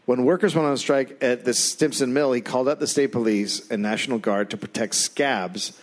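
A man hosting a live comedy podcast, telling a history story with dry, deadpan asides. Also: mid-range voice, normal speed. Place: live stage before an audience.

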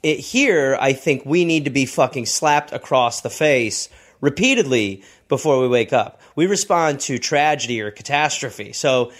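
A man's voice: mid-range voice, expressive, normal speed. A man co-hosting a comedy podcast in casual chat, rambling with many restarts and free swearing, on a close mic.

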